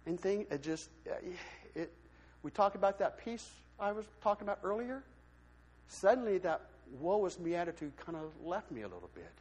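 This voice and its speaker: Animated man preaching in a reverberant church. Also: high voice, normal speed, slightly rough. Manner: animated storytelling, acts out quoted voices. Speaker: lay speaker giving a testimony in church. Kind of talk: sermon testimony. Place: church sanctuary. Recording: long hall reverb.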